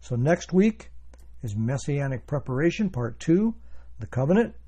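A man's voice: mid-range voice, big pitch swings, moderate pace, warm tone, slightly rough. A man preaching a sermon as pastor, reading scripture and explaining it in an earnest, emphatic way. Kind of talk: sermon, Bible teaching.

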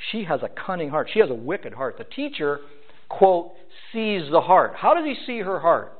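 A man preaching a sermon in a high voice that swings up and down. He keeps asking his listeners questions as he works through a scripture passage. The recording is thin and phone-like. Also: moderate pace. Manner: animated, rhetorical questions to the congregation. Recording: tinny phone-like sound.

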